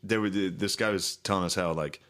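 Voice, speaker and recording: A man's voice: deep voice, steady tone, brisk, fairly bright tone. A young man co-hosting a crude comedy podcast, laughing mid-sentence and acting out characters in silly voices. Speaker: podcast co-host.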